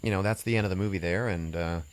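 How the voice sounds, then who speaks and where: Deep-voiced man rambling through a story. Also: quick pace, smooth. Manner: rambling storyteller acting out quotes. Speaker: podcast host. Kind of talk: casual chat.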